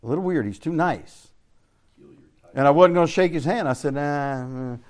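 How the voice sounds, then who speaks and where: Older preacher-teacher, somewhat high voice. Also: male voice, animated, moderate pace, a little mellow. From Central Florida, US. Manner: rhetorical questions, folksy storytelling, chuckles often. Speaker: Bible teacher. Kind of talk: preaching-style class lecture.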